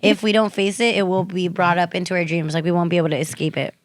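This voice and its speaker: A woman's voice: on the low side, level tone, fast, dry recording. Young woman, podcast co-host, casual chat, reflective, dry recording.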